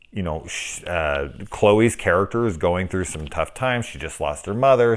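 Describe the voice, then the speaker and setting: A middle-aged man giving a casual, profane spoken film review that turns into a rant. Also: sits low. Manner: profane, ranting, acts out quoted reactions.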